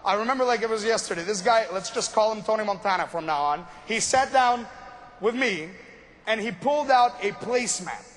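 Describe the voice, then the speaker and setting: A man's voice: high-pitched, animated, fairly quick, fairly bright tone. A young man from Montreal, telling a story about his start in business in a casual, joking way. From Montreal, Canada. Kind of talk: motivational storytelling talk.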